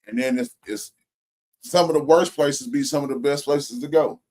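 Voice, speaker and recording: A man from Indianapolis co-hosting a casual live stream, rambling through stories with drawn-out asides. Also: fairly high pitch, darkish tone. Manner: rambling, storytelling, drawled asides.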